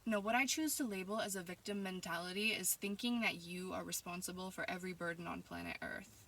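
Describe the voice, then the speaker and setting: Young canadian woman reading out hate messages and clapping back, bright edgy voice, a bit far off the mic, sarcastic and preachy. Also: on the low side, brisk. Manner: sassy, mocking and spiritual, rising into heated ranting. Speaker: vlogger. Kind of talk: casual monologue reading and answering messages.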